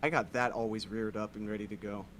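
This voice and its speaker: A man's voice: fairly low pitch, steady tone, quick pace, fairly bright tone, a little hiss or hum. A man in a casual group chat, wry and earnest, talking in long runs.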